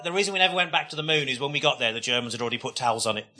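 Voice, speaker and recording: A man, a comedian on a panel, delivering deadpan one-liners on a live comedy stage. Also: medium pitch, rapid-fire, loud music behind the voice. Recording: live club recording with loud noise.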